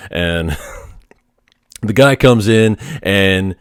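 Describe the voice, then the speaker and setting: Low-voiced man telling work stories. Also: very slow, clear, resonant tone, no echo, clean studio sound. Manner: laid-back, profane, rambling with fillers. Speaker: Navy X-ray tech telling work stories. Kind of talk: casual storytelling vlog.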